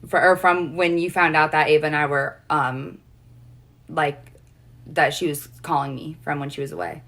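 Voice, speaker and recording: Young woman, livestream guest; low pitch, bright edge, rambling casual storytelling. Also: fairly even intonation, normal speed, creaky. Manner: rambling storytelling, heavy "like" fillers.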